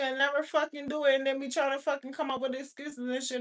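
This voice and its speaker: High-voiced woman ranting, heavy cursing. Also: flat delivery, fast, few pauses, fairly bright tone. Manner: profane, blunt, scolding. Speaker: vlogger. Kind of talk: casual rant to camera.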